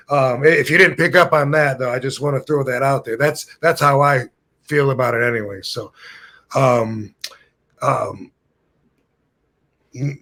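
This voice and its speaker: A man in his fifties hosting a podcast, telling long rambling anecdotes in casual chat. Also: medium pitch. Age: 50s. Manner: rambling, animated anecdotes with put-on voices. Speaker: podcast host. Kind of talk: casual storytelling.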